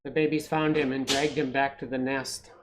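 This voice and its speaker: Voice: mid-range voice, level tone, moderate pace, noisy background. A storytime reader, reading a picture book aloud to children with playful asides. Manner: playful, with asides to young listeners.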